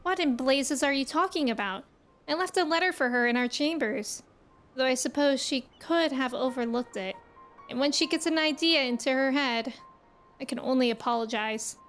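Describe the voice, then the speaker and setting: A woman reading the lines of an earnest, modest older male town leader in a fantasy game, in a measured, formal way. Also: sits high, fairly bright tone, soft background music.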